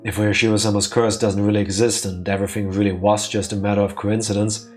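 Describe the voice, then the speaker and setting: A man's voice: on the low side, level tone, fast talker, soft background music, pitched below the performer's own voice, natural voice. A man voicing a skeptical young male investigator in a visual novel, sounding doubtful and questioning.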